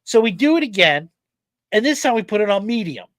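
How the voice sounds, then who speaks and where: A man's voice: high voice, brisk, dry recording. A man hosting a casual podcast, telling a story with lots of energy and plenty of swearing. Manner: animated storyteller, swears freely. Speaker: podcast host. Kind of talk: casual chat.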